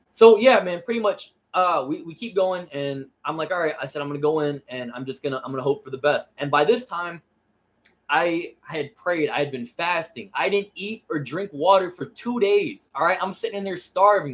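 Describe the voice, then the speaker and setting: A man's voice: fairly high pitch, moderate pace. A young man casually telling a personal story, emotional and profane, often repeating "I said" and "you know what I mean.". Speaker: vlogger.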